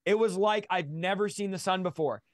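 A man in his thirties, a guest in a livestream interview, tells his testimony with a passionate, preacher-like drive. His voice is high-pitched and fairly quick. The studio sound is clean, with no room sound.

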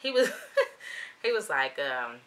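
A woman vlogger telling a shopping story in a lively, slangy, animated way. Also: very deep voice, takes it slowly. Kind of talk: storytime vlog.

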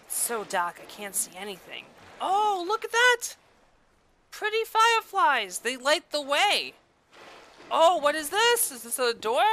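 Sharp, high-voiced woman, let's-play host, foul-mouthed and sarcastic, yelps at jump scares. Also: slight background noise. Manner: profane, sarcastic running commentary; loud startled outbursts and taunting. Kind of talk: casual gameplay commentary.

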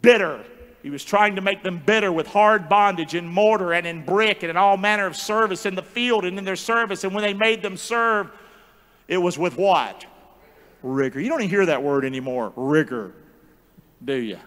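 Animated high-voiced preacher in a reverberant church. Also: male voice, moderate pace. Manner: animated call-and-response, joking asides. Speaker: pastor. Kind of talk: sermon. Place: large church sanctuary. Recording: long church hall reverb.

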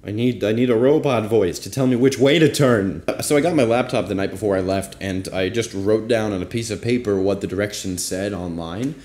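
A man's voice: on the low side, brisk, hardly any pauses, a little mellow. A young man casually telling a rambling, self-deprecating travel story as a vlogger. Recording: roomy echo.

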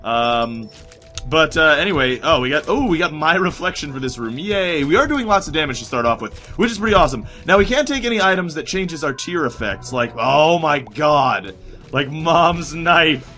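A chatty man narrates his game in a bright, forceful voice that swings widely in pitch. His throat sounds sore and strained, and he rambles and swears as he plays. Faint music runs underneath. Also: fairly quick. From United States. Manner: rambling, excitable, swears often. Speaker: gaming commentator. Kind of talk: casual let's play commentary.

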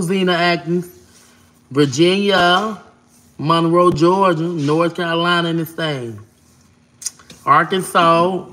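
A woman hosting a casual livestream, talking fast and giving shout-outs to viewers as she reads their comments. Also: low voice.

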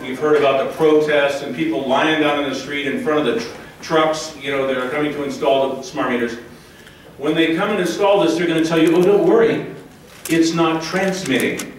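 American guy ranting at a forum crowd, far from the mic, big echoey hall. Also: mid-range voice. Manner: impassioned, addresses the crowd directly. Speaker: speaker at a public forum. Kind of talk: public talk to an audience. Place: large hall with live audience.

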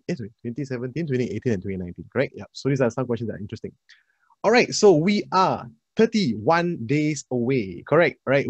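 A man, an energetic, chatty math tutor leading a live online class and addressing his students directly. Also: mid-range voice, no echo, highs cut off.

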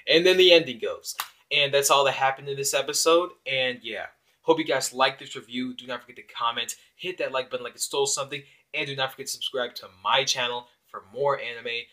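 Bright-voiced young man recapping anime. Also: mid-range voice, brisk. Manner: rambling with fillers and voiced quotes. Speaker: anime reviewer. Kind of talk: casual episode recap. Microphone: phone.

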